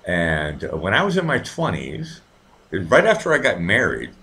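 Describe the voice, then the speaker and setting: A man's voice: deep voice, wildly swooping pitch, normal speed, sharp tone. A man hosting a live show, telling a story in a rambling, profane, casual way with many restarts.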